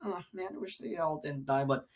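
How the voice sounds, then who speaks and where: Rambling low-pitched woman reviewing a film. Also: fairly quick. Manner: rambling and repetitive, swinging from loud outbursts to low mumbles. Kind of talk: casual spoken review.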